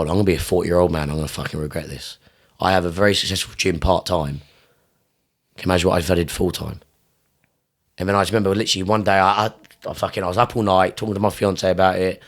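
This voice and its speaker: A young man, a gym owner and Muay Thai coach, talking in a casual podcast interview. He speaks with intense emphasis, swears constantly, repeats his phrases, and his voice jumps up sharply when he gets fired up. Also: on the low side.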